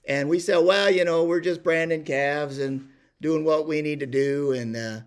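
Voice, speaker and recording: A man's voice: a little high, normal speed, smooth. An older man telling a rambling ranch story, full of fillers and restarts. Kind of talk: casual spoken storytelling.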